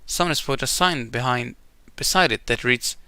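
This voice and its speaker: A man's voice: medium pitch, normal speed, bright, forceful tone, smooth, no room sound. A man streaming a game, reading its text aloud in a chatty way with casual asides and laughing at himself. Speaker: gamer streaming an event.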